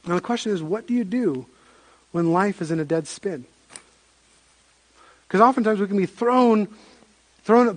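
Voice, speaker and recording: A man preaching a sermon as pastor, telling stories in an animated way with frequent restarts. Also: sits high.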